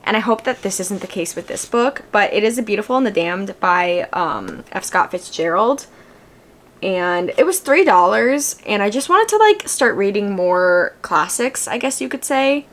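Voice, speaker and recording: A young woman vlogging casually at home, chatty and rambling with lots of filler "likes", gushing excitedly. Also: mid-range voice, normal speed, slight background noise. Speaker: book vlogger. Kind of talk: casual book haul vlog.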